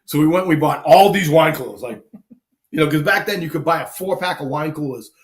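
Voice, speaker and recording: A man, casually telling lively army anecdotes on a live talk show and acting out the people he quotes. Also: on the high side, a little fast. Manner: animated anecdotes, acts out quoted people, laughs often. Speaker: guest storyteller, army veteran.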